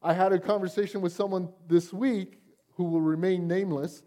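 A man's voice: high-pitched, steady tone, moderate pace, warm tone. A male pastor preaching a sermon in a church, talking conversationally and often asking the congregation "Amen?". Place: church sanctuary.

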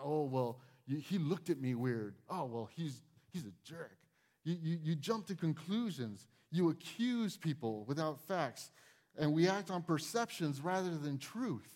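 A male pastor delivering a sermon in a church, speaking in a loose, conversational way. His voice sits a little high for a man and moves up and down a lot. He keeps acting out small scenes as he talks. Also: a little mellow.

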